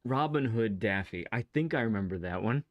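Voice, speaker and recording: A man's voice: on the low side, expressive, brisk, dull audio. Chatty man rambling enthusiastically on a stream. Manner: rambling and enthusiastic, with frequent restarts and laughs. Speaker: game streamer. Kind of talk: casual livestream chat while playing a racing game.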